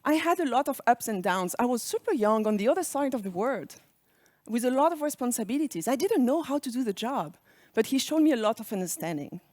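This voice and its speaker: Woman keynote speaker, French accent, fairly high and very animated, dry close sound, engaging. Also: fairly quick, no echo. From France. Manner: engaging, asks the audience reflective questions. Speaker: speaker on leadership. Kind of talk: conference keynote talk.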